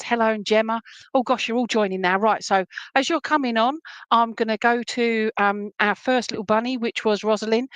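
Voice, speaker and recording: A woman's voice: fairly high pitch, no room sound. A woman with an Essex accent giving live readings as a medium, chatting casually with many fillers and restarts while she reads viewer comments aloud.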